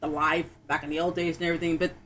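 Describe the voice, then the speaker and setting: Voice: medium pitch, very fast, a little hiss or hum. Chatty streamer telling stories. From Florida, USA. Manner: animated storyteller, laughs often, acts out quotes. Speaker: game streamer. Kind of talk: casual chat while playing.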